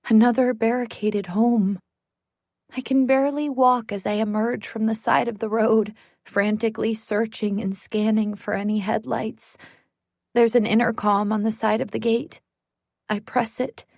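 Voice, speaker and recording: Slow, higher-voiced woman narrating. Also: a little mellow, dry recording, studio quality. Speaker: audiobook narrator. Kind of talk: first-person audiobook narration.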